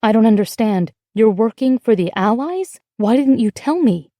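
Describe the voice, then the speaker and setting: Woman reading as a sharp, wary pregnant wife. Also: on the high side, animated, moderate pace, no echo, studio quality, close to an everyday voice. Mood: accusing. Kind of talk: audiobook dialogue reading.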